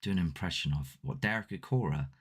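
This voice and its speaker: Fast-talking and animated, a low-voiced man with a breathy edge runs a paranormal live stream. He chats casually and somewhat ramblingly with viewers, poking fun at himself, using a desk mic with a ring light.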